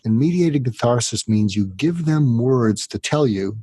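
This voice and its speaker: A man's voice: mid-range voice, animated, measured pace, warm tone, husky, dry recording. A man, a psychiatrist, being interviewed, who explains his method step by step and now and then acts out what a troubled patient might say. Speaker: psychiatrist guest.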